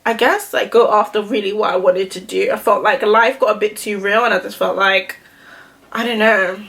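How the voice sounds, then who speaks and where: A woman's voice: medium pitch, steady tone, normal speed, vocal fry, a bit bright. A young woman chatting casually to the camera while getting ready, rambling and filling her speech with "like". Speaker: beauty vlogger. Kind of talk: casual get-ready-with-me chat.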